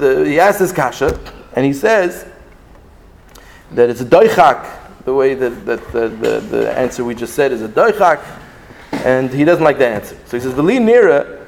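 A man teaching a Talmudic lesson, reading Hebrew texts aloud and explaining them in an animated, sing-song way with many restarts. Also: mid-range voice, a little hiss or hum. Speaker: Torah teacher. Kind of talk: Talmudic lecture.

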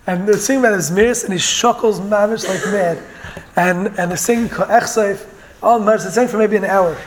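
A man's voice: sits high, slight background noise. A man giving an earnest Torah lecture in English, mixing in Hebrew and Yiddish terms as he tells stories and explains verses. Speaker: Torah teacher.

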